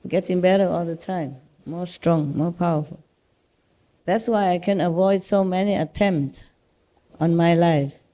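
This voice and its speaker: A woman spiritual teacher with a Vietnamese accent, telling stories and reassuring her disciples in a casual, animated way. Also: lowish voice, unhurried. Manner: reassuring, animated storytelling with laughs.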